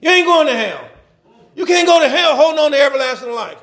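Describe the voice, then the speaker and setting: Speaking fast with lively intonation, a man with a very high, slightly bright voice preaches a fervent sermon. He calls out to the congregation, stretches out scripture readings, and breaks into chuckling asides.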